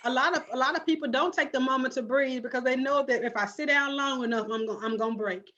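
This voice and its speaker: A woman's voice: sits high, fast, sharp tone. A woman guest speaking in a casual podcast chat, preaching in a rhythmic, repetitive cadence with many restarts. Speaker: guest author and blogger. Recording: dull lo-fi sound.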